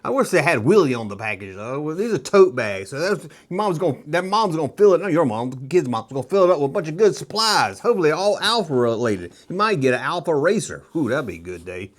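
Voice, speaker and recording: A middle-aged man hosting a nostalgia toy video, rambling casually and joking, slipping into quick kid impressions. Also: a little high, very animated. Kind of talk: casual rambling show-and-tell commentary.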